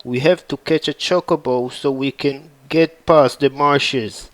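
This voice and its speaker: Man doing a tough young woman leader, blunt, slow-paced, game fan story. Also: medium pitch, fairly even intonation, dry recording, lightly acted, poor audio. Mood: urgent.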